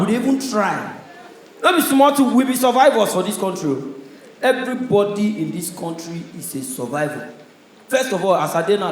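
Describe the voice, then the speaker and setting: A man with a Nigerian accent performing stand-up comedy, telling stories in a loud, punchy way. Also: sits high. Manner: loud, punchy storytelling with audience laughter. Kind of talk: stand-up comedy in Pidgin English. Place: stage in a large hall. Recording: echoey live hall sound.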